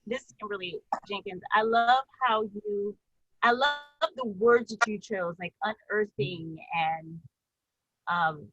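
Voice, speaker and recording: A woman's voice: medium pitch, takes it slowly, lo-fi sound. A woman in a writing workshop on a video call, talking enthusiastically and rambling with restarts. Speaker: workshop participant, doctoral student.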